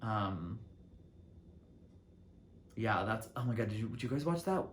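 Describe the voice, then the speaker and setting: A man's voice: unhurried, slight background noise. A young man hosting his own solo talk show, rambling casually to the camera from his city apartment with lots of fillers and restarts. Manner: chatty, lots of "like" and restarts, lively swings in pitch and loudness. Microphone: camera mic.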